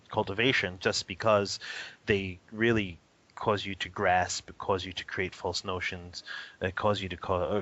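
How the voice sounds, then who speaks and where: A man answering interview questions about anger, animated and quick to laugh. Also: low-pitched. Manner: animated, laughs often, acts out a toddler's cries. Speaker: interview guest, spiritual teacher. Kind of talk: casual interview. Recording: dull lo-fi audio.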